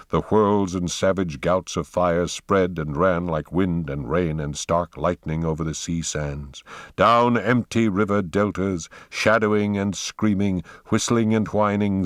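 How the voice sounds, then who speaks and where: A man giving a slow, dramatic reading of an audiobook as its narrator. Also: low voice, no room sound, clean studio sound. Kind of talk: scripted narration.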